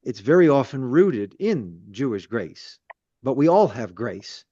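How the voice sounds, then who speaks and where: A man's voice: medium pitch, big pitch swings, a little slow, dark tone, dry recording. A man, a rabbi leading a Torah study, teaching conversationally with repeated words and self-deprecating asides. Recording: dull lo-fi sound.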